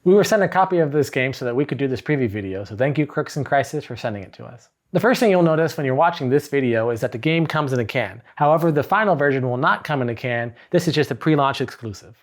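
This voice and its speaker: A man's voice: medium pitch, lively intonation, quick pace, few pauses. A man casually explaining a party game's rules in a review. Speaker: board game reviewer.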